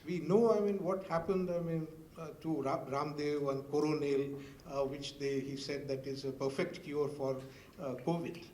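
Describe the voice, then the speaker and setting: A man's voice: fairly high pitch, fairly even intonation, normal speed, mellow, reverberant, a little hiss or hum. An older man with an Indian English accent, a former newspaper editor speaking on a university panel in a hesitant storytelling way full of "I mean" fillers.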